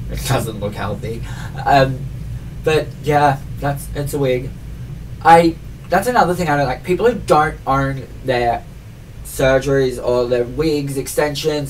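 A man's voice: medium pitch, a little slow, far from the mic, slight background noise, rough recording. A man in his twenties ranting in a chatty vlog, rambling with constant fillers and mocking himself. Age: 20s. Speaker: vlogger.

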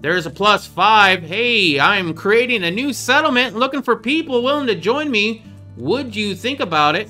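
A man chatting casually over his gameplay as host, playful and quick to joke at his own expense. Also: high voice, pushed and bright, soft background music. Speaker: gaming video host.

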